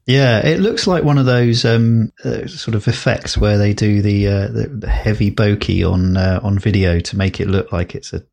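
A man's voice: fairly low pitch, normal speed, creaky, few pauses, darkish tone. A man co-hosting a podcast, chatting casually and rambling with many fillers and restarts. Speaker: podcast co-host. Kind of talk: casual chat.

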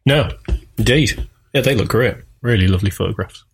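A man's voice: lowish voice, a little fast, breathy edge. A man co-hosting a podcast, chatting casually and enthusiastically, often saying "kind of". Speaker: podcast co-host. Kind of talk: casual chat.

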